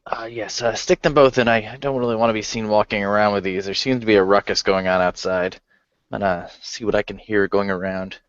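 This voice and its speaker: A man playing a tabletop game, describing his character's actions in a halting, slow-building way. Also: lowish voice, steady tone, no echo. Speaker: player. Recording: dry, dull lo-fi sound.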